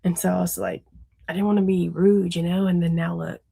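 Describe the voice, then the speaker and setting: A woman's voice: fairly low pitch, level tone, fairly quick, vocal fry, warm tone, breathy edge. A woman, a mother of young kids, co-hosting a book podcast in casual chat, rambling and candid, laughing often and swearing freely. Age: adult with young children.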